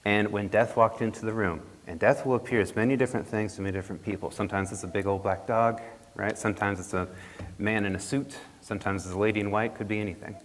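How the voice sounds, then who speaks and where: A man's voice: on the low side, steady tone, fast talker. A man telling a folk tale to a congregation in a playful, chatty way, with jokey asides. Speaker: storyteller. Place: church hall. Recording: long reverb of a hall.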